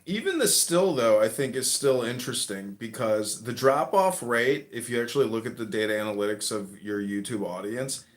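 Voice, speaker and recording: A man's voice: mid-range voice, animated, normal speed, hardly any pauses. A man hosting a casual online audio room chat, rambling and swearing as he jumps between topics. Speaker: host.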